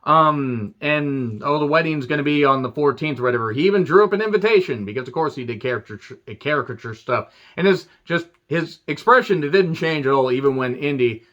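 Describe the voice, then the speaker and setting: Crude joking man, bright voice. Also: fairly high pitch, animated, a little fast, hardly any pauses, lo-fi sound. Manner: crude, joking, goes off on tangents. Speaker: wrestling show reviewer. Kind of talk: casual solo review monologue.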